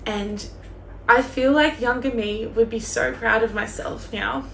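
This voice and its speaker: A woman's voice: on the high side, steady tone, unhurried, gravelly, a bit bright. Chatty young woman, gushing, roomy sound. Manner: gushing, chatty, heavy use of "like". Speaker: book vlogger. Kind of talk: casual vlog chat. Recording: roomy echo with faint room noise.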